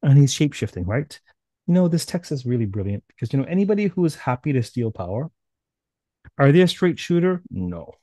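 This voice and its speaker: A man giving a seminar lecture, retelling a myth in a lively way and acting out the characters' voices with sudden loud bursts. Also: mid-range voice, brisk, dry recording. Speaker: seminar speaker. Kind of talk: animated storytelling lecture. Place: online seminar.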